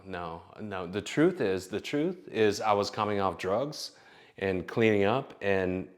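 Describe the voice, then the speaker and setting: A man's voice: low-pitched, a bit bright. A man hosting his own channel, talking casually in a rambling, profane way with lots of restarts. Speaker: channel host, screenwriter. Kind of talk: casual vlog monologue.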